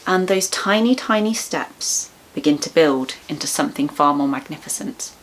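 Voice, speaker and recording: A woman giving an educational webinar, explaining in an expressive, reassuring way. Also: low voice, moderate pace, a little hiss or hum. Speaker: webinar presenter on child anxiety.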